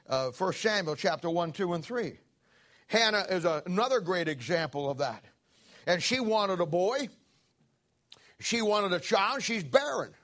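A man preaching, retelling a Bible story in a folksy, animated way with fillers and asides. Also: extremely high pitch. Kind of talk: sermon storytelling.

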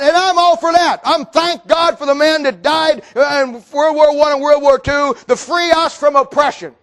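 Fiery man preaching a sermon in a very high voice, folksy and full of rhetorical questions, breaking into shouts. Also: fairly even intonation, normal speed, few pauses.

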